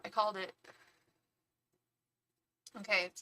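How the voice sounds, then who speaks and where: A woman doing a live tarot reading who chats casually, with frequent restarts, and at times softly repeats an invocation. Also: medium pitch, slow pace, rough recording. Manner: chatty and animated, with frequent restarts; repeats a soft chanted invocation. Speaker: tarot reader and psychic medium. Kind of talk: casual chat on a live stream.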